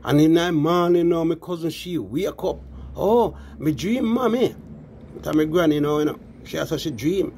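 A man's voice: a little high, steady tone, brisk, creaky, few pauses, a little mellow, a little hiss or hum. A man with a Jamaican accent telling a story in casual patois, often adding "you know" and calling his listeners "people".

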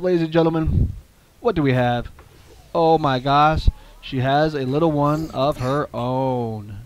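A man telling a playful story with toys, animated and lively, dropping low for heartfelt asides. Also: unhurried, rough recording.

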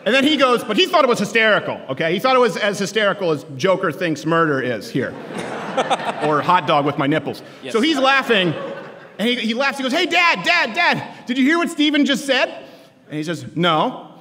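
A man in his thirties giving a joking, sarcastic campus speech to students, shouting his punchlines. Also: sits high, animated, a little fast. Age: 30s. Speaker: political commentator speaking to students. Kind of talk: stand-up style campus speech. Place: large lecture hall with a live audience. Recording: echoey hall, live crowd.

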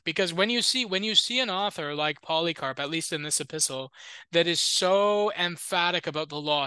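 A man's voice: sits high, pushed and bright, clear, resonant tone, dry recording. A man teaching as a Lutheran, reading an ancient Christian letter aloud and explaining it in a discursive, informal way with joking asides. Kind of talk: reading and commenting on an ancient text.

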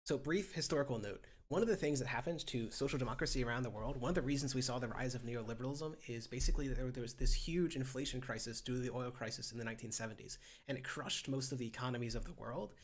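A man hosting a casual political discussion, explaining ideas at length in a steady way with many ums. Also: mid-range voice. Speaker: host.

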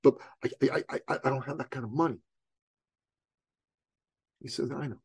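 A man's voice: medium pitch, fairly even intonation, moderate pace, husky, dry recording. A middle-aged man from Iran, a guest telling a motivational story in conversation, emphatic and full of rhetorical questions. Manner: streetwise, calls the host "bro".

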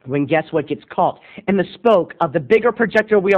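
An animated, giggly man in his thirties telling a comic story to his viewers in a very high voice. The sound is thin and tinny, like a cheap webcam mic. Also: brisk. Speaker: video blogger.

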